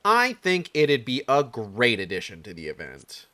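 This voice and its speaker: A man's voice: mid-range voice, huge pitch swings, measured pace, sharp tone. A man streaming a game, making casual, joking remarks between lines of dialogue. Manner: joking asides. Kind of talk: casual gameplay commentary.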